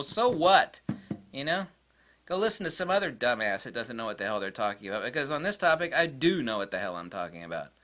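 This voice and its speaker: A man's voice: very animated, fairly quick, pushed and bright. A man ranting to camera in a blunt, exasperated way as a tech vlogger. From United States. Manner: mocks critics in high squeaky voices. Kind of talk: casual rant to camera.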